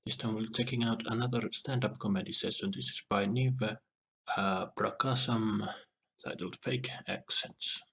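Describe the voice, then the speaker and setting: A man hosting a reaction video, giving a relaxed casual intro and slowing down over names. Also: fairly low pitch, vocal fry, a little hiss or hum.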